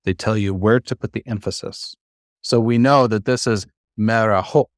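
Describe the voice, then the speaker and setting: A man with a low voice teaches a classroom lesson. He talks in a relaxed, halting way, full of "uh" and restarted sentences. The sound is dry and close. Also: dry recording. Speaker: Bible Hebrew teacher.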